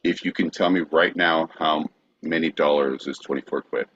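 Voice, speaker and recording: A man co-hosting a podcast, playful and hesitant, filling pauses with many uhs. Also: rumbling low, fairly even intonation, a bit bright, slight background noise. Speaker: podcast co-host. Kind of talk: casual comedic chat. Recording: dull lo-fi audio.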